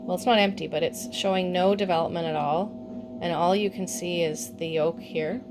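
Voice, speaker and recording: A woman's voice: lowish voice, steady tone, normal speed, noisy background. A woman vlogging from her farm, casually explaining animal care and coaxing her animals along. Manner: chatty, coaxing talk to animals. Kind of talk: casual instructional vlog.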